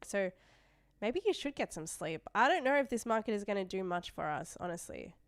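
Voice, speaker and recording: A woman's voice: mid-range voice, animated, a little fast, no echo. A young Australian woman hosting a live trading stream, chatting casually and reading viewer messages aloud as she goes. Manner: chatty, reads chat messages aloud, trails off and restarts. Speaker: livestream trading host.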